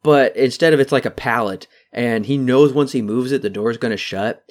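A man co-hosting a podcast, chatting casually about a movie and mocking scenes with quick put-on voices. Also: medium pitch. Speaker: podcast co-host. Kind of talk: casual movie review chat.

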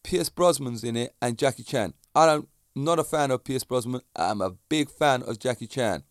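A man's voice: mid-range voice, normal speed, dry recording, studio quality. A man, a fitness instructor giving a chatty, digressive monologue that speaks straight to the viewers. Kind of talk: casual monologue to camera.

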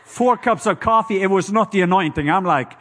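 A middle-aged man with a Norwegian accent preaching a sermon, telling stories with lively call-and-response and acting out sounds with loud hoots and croaks. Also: high-pitched, fairly quick, a little hiss or hum. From Norway. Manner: animated storytelling with call-and-response.

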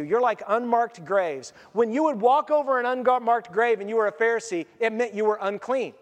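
Lively high-voiced pastor preaching. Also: male voice, moderate pace, few pauses, big-room sound. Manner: conversational, animated, laughs at his own points. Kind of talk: sermon.

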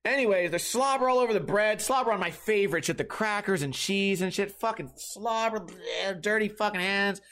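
A middle-aged man hosting a podcast, telling rambling, profane, animated stories in a casual comedic monologue. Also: high voice, a little fast, few pauses. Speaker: podcast host.

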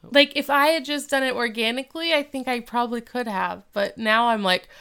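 A woman's voice: a little high, brisk, vocal fry, sharp tone, clean tone. A young adult woman co-hosting a casual podcast, retelling a TV episode and acting out the characters' lines. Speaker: podcast co-host. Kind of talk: casual chat recapping a TV episode.

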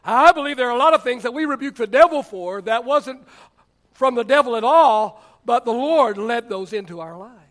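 Pastor guy preaching, really high voice, acts out stories. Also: normal speed. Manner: animated storytelling preacher, acts out quotes. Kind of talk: sermon.

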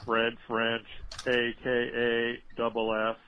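A man's voice: medium pitch, completely flat delivery, slow pace, clear, resonant tone. A man leaving a rambling, jokey voicemail for a podcast, coughing now and then. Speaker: caller. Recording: dull lo-fi voicemail playback.

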